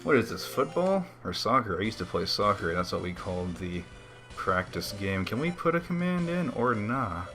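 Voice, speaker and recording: A man's voice: lowish voice, big pitch swings, moderate pace, pushed and bright, soft background music. A man giving laid-back, slangy commentary while playing a video game and chatting to his viewers. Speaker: let's play host. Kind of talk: casual gaming commentary.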